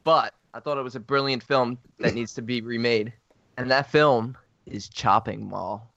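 A man on a podcast in casual chat, joking around and pitching ideas. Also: normal speed, vocal fry, bright, forceful tone, lo-fi sound.

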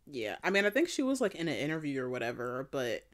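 A young adult woman co-hosting a casual chat, expressive, with her voice jumping up high when she quotes people. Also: quick pace.

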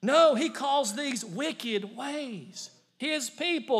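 A middle-aged man preaching a sermon as pastor, telling stories with big swings between loud bursts and hushed asides. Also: very high voice, unhurried, hardly any pauses.

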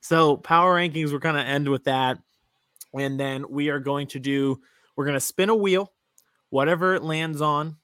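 A man's voice: on the high side, normal speed, a bit bright, smooth, dry recording, studio quality. A man hosting a casual sports podcast, laid-back and teasing, steering the segments along. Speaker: podcast host.

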